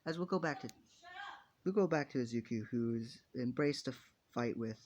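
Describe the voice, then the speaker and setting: A man's voice: mid-range voice, expressive, normal speed, darkish tone, dull audio, a little hiss or hum. A man narrating an improvised fan story in a rambling, casual way, with many restarts and casual swearing.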